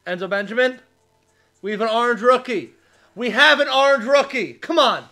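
A man hosting a live card break, reading out player names and shouting with excitement over big pulls. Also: very high-pitched, moderate pace. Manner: reads out player names one by one. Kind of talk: live card-opening stream.

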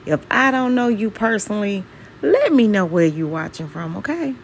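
A woman's voice: medium pitch, sing-song, moderate pace, gravelly, a little hiss or hum. A woman from Mississippi with a Southern accent, chatting casually to her viewers while she cleans her kitchen and asking them questions. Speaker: home vlogger. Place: home kitchen.

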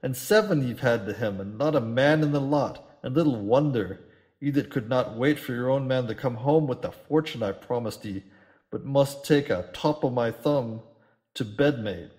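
A man voicing a rough, drunken old sea captain who bellows in old seafaring dialect. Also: mid-range voice, moderate pace, darkish tone, natural voice. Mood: scornful.

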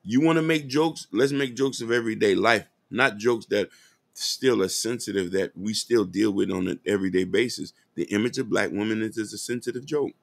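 A podcast host with a fairly low, creaky voice talks a little fast in an earnest, impassioned commentary monologue. He speaks directly to his listeners, calling them "y'all." There's no room sound.

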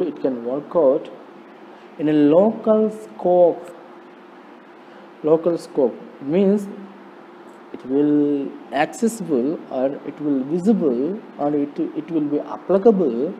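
A man with an Indian English accent giving a slow, repetitive programming lecture, often asking rhetorical questions. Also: fairly high pitch, mellow. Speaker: polytechnic lecturer. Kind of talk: recorded classroom lecture on programming. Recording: dull lo-fi recording, faint noise.

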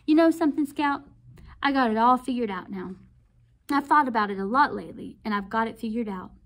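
An earnest teenage boy talks his little sister round in a coaxing way, as a woman reads him aloud. His voice stays light and fairly high. It is a storybook read-aloud. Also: expressive, a little fast. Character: earnest teenage boy, protective older brother.

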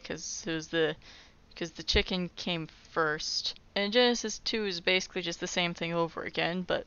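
A woman casually reading scripture aloud and cutting in with wry, exasperated comedic asides that jump into loud, disbelieving outbursts. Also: on the low side, smooth, muffled recording. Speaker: comedic Bible reader.

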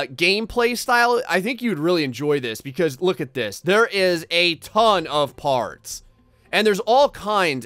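High-voiced jokey gameplay commentator man. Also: fairly bright tone, no room sound. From New Jersey, United States. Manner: jokey, rambling, talks straight to viewers. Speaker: gaming YouTuber.

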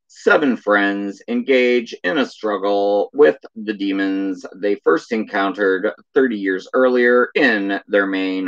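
Casual stream host, male, bright edgy tone, reads chat in a flat drawl. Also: lowish voice, lo-fi sound. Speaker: live stream host reading viewer chat.

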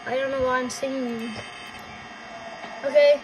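A woman's voice: high voice, unhurried, long pauses, noisy background. A young woman playing a horror game and commenting, swearing a lot and sounding jumpy and frightened. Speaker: gamer.

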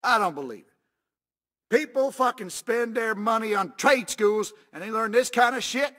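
A man's voice: extremely high pitch, bright, forceful tone, full character voice. A man voicing a foul-mouthed, hot-tempered repairman in a video game, ranting and cursing to himself.

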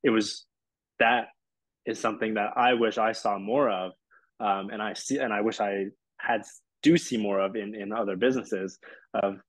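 Low husky host with a dry sound. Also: male voice, fairly even intonation, dry recording, rough recording. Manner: brief affirmations, halting when making a point. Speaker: podcast host, interviewer. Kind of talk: casual interview talk.

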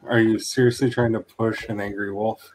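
A man's voice: fairly low pitch, level tone, moderate pace, a little mellow, slight background noise. A man joking around with friends while playing a game, giving wry commentary. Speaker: co-player. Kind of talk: casual gaming chat.

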